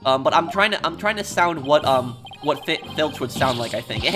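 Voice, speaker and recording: A man's voice: a little high, a little fast, hardly any pauses, over music. A man hosting a let's play, chatty and explaining at length with many fillers and restarts. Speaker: gaming video host.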